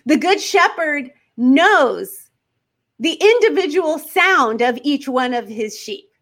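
A woman hosting a faith podcast, talking earnestly to her listeners and leaning on slow, emphatic questions. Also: high voice, animated, a bit bright. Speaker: podcast host.

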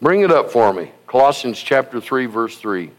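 A man preaching a sermon, telling stories in an animated, folksy and emphatic way. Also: medium pitch, normal speed. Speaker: pastor.

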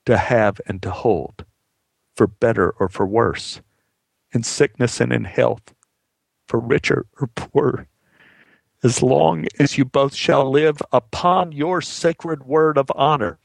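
A kindly older small-town judge, as a storyteller puts him on, speaks slowly and solemnly, with a gentle amusement underneath. His voice carries a gravelly edge and sounds close and dry. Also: mid-range voice, dry recording.

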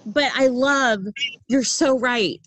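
A woman's voice: sits high, takes it slowly, a bit bright, no room sound, rough recording. A middle-aged woman hosting a podcast, talking earnestly and emphatically in a casual conversation, laughing easily. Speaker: podcast host.

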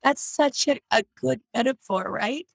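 A woman with a gravelly, slightly husky voice speaks over a video call from her home. She shares her faith in an earnest, reflective way and often restarts mid-sentence. The sound is dry, with no room echo. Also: on the high side, a little slow. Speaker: guest on a faith discussion call. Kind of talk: casual faith sharing. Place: home near an air base.

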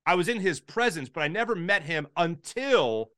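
A man from Philadelphia spins a backstage sports story with a bright, forceful voice that sits a little high for a man. He jumps up in pitch whenever he acts out someone else's lines. The room is dry, with the mic close. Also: animated, normal speed, dry recording. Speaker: podcast guest, sports broadcaster. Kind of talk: casual storytelling chat.

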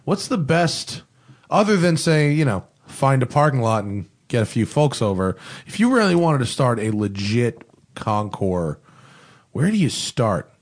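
A man hosting a casual interview, excitable and joking, often exclaiming as he reacts. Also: mid-range voice, a little slow. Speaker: show host.

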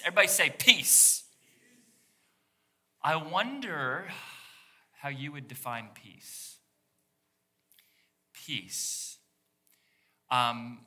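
A man's voice: on the high side, sharp tone. A man preaching a sermon to his congregation, drawing them in with call-and-response questions and playful teasing asides. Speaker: pastor. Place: church service before a congregation.

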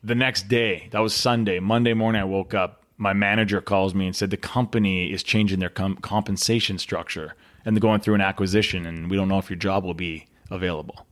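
Male guest, low register, earnest storyteller who repeats words and pauses for weight. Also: fairly even intonation, a bit bright. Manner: earnest, dramatic pauses and repetition. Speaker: podcast guest. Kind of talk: storytelling interview answer.

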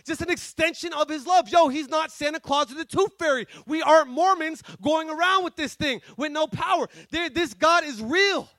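High-voiced guy preaching hard, slangy and fired up, dry close sound. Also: normal speed, hardly any pauses, no room sound. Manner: fervent, shouting at peaks, slangy. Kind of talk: energetic sermon.

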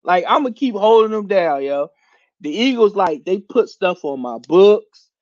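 Philly podcast host, high male voice, dry and slightly dull sound, animated profane sports rant. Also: a little slow, no echo. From Philadelphia area. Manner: animated, laughing, slangy and profane.

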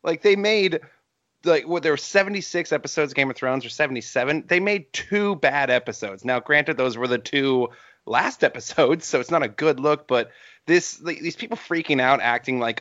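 A man co-hosting a podcast in casual chat, talking in an animated, ranting way. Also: a little high, normal speed, no echo, highs cut off. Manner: animated, ranting with rising emphasis. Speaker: podcast co-host.

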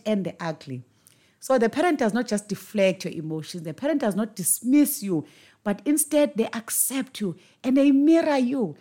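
Earnest woman with a higher voice. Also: darkish tone. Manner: earnest, emphatic, repeats words for stress. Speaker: podcast host. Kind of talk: reflective monologue on parenting.

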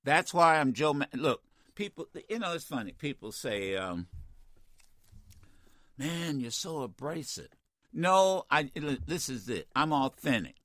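Blunt, fiery older radio host. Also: male voice, a little high, big pitch swings, normal speed, fairly bright tone, no room sound, studio quality. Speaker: radio talk show host. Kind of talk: call-in radio talk. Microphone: studio microphone.

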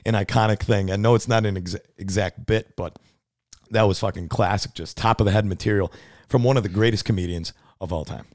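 A man's voice: fairly low pitch, fairly even intonation, a little fast, a little mellow, dry recording, clean studio sound. A young man co-hosting a podcast in casual chat, talking loosely, swearing a lot and repeating himself. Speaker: podcast co-host.

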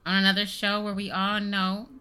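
A woman co-hosting a casual chat in a slangy, relaxed way, often cutting in with comments. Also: mid-range voice, normal speed, clear, resonant tone. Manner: casual, slangy, jumps in to interject. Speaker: podcast co-host.

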